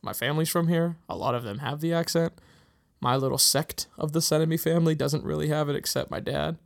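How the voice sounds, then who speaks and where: A young man from Pittsburgh chats casually as a co-host, a faint local accent under his words. His voice carries a gravelly edge and he laughs easily while telling stories. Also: a little high, brisk. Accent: slight Pittsburgh. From Pittsburgh, USA. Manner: chatty storyteller, laughs often. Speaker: podcast co-host. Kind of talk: casual chat.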